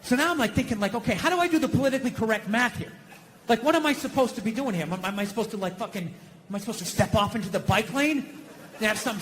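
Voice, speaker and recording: A man doing profane, exasperated stand-up comedy, ranting and acting out shouted confrontations. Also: very high-pitched, a little hiss or hum. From United States.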